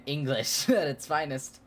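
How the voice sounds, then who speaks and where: A streamer chatting casually with viewers and reading aloud, laughing often and stumbling over words. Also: mid-range voice. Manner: self-deprecating, chats with viewers.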